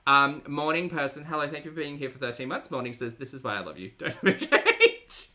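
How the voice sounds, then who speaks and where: This woman runs a live reaction stream, sarcastically chatting as she reads viewers' messages. Her low voice is sing-song with a sharp tone, and her pace is fairly quick.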